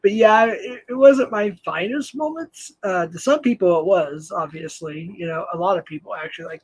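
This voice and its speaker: A man's voice: high voice, normal speed, few pauses, breathy edge, no echo, rough recording. An older man hosting a livestream, talking casually in a rambling, self-deprecating way and laughing often. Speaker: livestream host.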